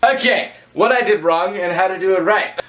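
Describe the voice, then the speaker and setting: A man vlogging a rambling storytime to camera, joking at his own expense with quick asides. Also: high voice, a bit bright. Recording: echoey room.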